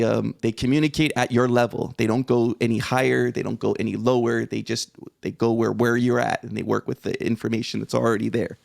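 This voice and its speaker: Podcast guest, male, around 40: mid-range voice with fry, lively conversational storytelling. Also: medium pitch. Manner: animated retelling, acts out his own reactions, swears.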